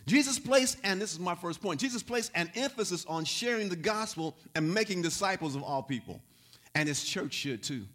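A man preaching a sermon in a high, bright-pitched voice. He repeats key lines and swells into loud exhortations. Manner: repetitive, rising to loud exhortation. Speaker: pastor.

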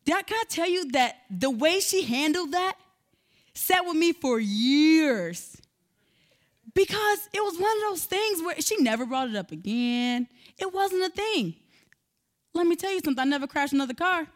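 Her voice sits high and her pace is moderate as this woman, a speaker on parenting, delivers a sermon-style talk. She tells a personal story with animation, speaking straight to her listeners.

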